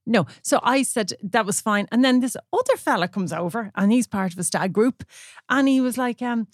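An Irish woman co-hosting a podcast, telling stories in a lively, laughing way. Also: mid-range voice, a little fast, no echo, studio quality. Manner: lively storytelling with frequent laughs. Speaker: podcast co-host. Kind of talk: casual chat.

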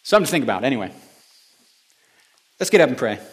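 A male pastor giving a conversational sermon that swings between quiet, reflective passages and emphatic building moments. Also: mid-range voice, very animated, quick pace.

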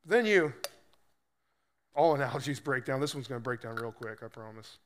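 A man's voice: mid-range voice, expressive, normal speed. A man preaching a sermon in a loose, conversational way, acting out quoted voices as he explains scripture. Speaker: pastor.

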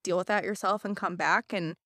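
A young American woman co-hosting a podcast candidly and earnestly shares a personal story in casual chat. Her lowish voice is steady, brisk, bright and forceful, captured as a dry, clean studio recording.

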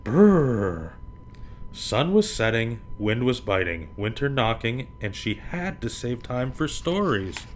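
A man reading children's picture books aloud for his podcast, with a lively, swinging voice pitched in the middle. He acts out the sounds with gusto, and a faint hiss sits under the recording. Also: measured pace, hardly any pauses. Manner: animated, acts out sound effects.

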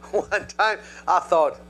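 Guy preaching a sermon, high bright voice, lively, keeps asking the crowd stuff, faint music behind. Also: normal speed. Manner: animated, calls out to the congregation. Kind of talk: sermon with a personal story.

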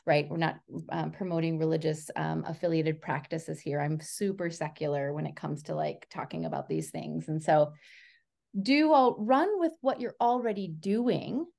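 Woman, education researcher as interview guest; gravelly, earnest, filler-heavy delivery. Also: low voice, normal speed. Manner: animated storyteller. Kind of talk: casual interview conversation.

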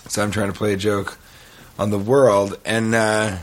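This man's voice is on the low side, unhurried, and fairly flat in pitch. As a podcast co-host, he's telling a long story in a casual, rambling, profane and self-mocking way.

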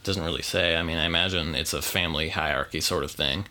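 A man's voice: extremely low pitch, steady tone, quick pace, pushed and bright. A man co-hosting a movie podcast, chatting casually with a rambling, joking manner and lots of fillers. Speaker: podcast co-host. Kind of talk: casual movie review chat.

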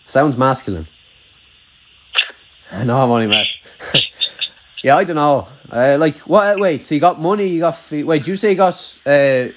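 A man's voice: a little high, animated, unhurried, long pauses, slight background noise. A young man with a rural Irish accent, chatting casually, swearing freely and rambling with lots of "like". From Ireland. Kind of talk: casual chat.

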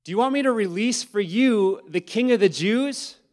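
A man's voice: high voice, lively intonation, normal speed, a little mellow, in a large hall, pitched above the performer's own voice. A man voicing an exasperated Roman governor pleading with a crowd in a raised, strained voice.

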